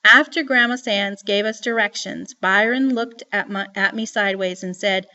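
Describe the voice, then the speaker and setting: A woman reading a novel aloud as audiobook narration, with lively storytelling. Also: mid-range voice, normal speed, highs cut off.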